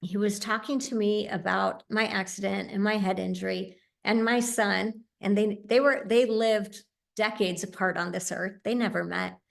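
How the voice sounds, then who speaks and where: A woman's voice: mid-range voice, steady tone, normal speed, gravelly. A woman telling a heartfelt personal story as a medium and speaker, earnest and sincere, with frequent small fillers.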